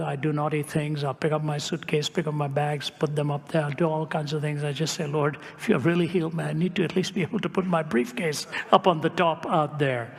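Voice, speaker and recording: Older man, preacher, raised pitch, conversational storytelling sermon, long hall reverb. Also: creaky. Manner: conversational, drops to a hush for solemn moments.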